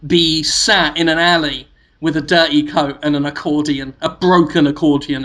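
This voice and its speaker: A man's voice: a little high, level tone, moderate pace, a bit bright. A man co-hosting a podcast, telling silly playful stories with lots of laughter. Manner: playful, silly, giggly storyteller. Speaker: podcast co-host. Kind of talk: casual chat.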